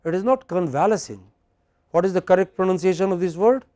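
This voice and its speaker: A man's voice: sits high, very fast, warm tone, no room sound. A middle-aged man with an Indian English accent, giving a classroom lecture on pronunciation and quizzing students as he drills words.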